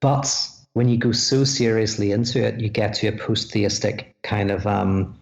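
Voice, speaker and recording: Irish man, podcast guest, gravelly voice, animated explainer, echoey room. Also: lowish voice. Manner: animated, explaining ideas with quick asides and chuckles. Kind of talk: podcast conversation. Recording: echoey room, dull lo-fi sound.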